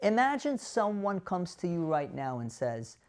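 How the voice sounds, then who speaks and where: A man's voice: high-pitched, very animated, measured pace, smooth. A man, a doctor hosting an educational talk to camera, speaking emphatically, asking the viewer rhetorical questions and repeating key words for stress. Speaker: doctor and show host.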